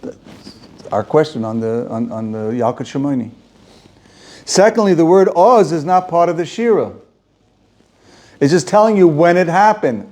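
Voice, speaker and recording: Animated rabbi with a mellow voice. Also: male voice, a little high, a little slow, pauses often. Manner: animated, rhetorical questioning, repeats phrases for emphasis. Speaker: rabbi teaching a class. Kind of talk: Torah lecture to students.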